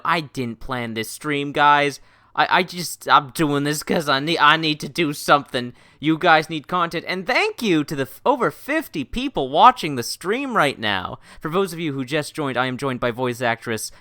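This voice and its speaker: Giggly, lively male stream host. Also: on the high side, no room sound, clean studio sound. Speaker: livestream host. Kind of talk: unplanned casual livestream chat.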